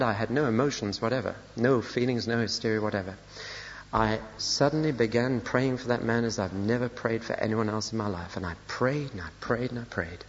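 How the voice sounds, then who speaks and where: An older man, a pastor preaching a sermon, telling personal stories with dry, self-deprecating humor. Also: lowish voice. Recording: lo-fi recording in a reverberant church hall.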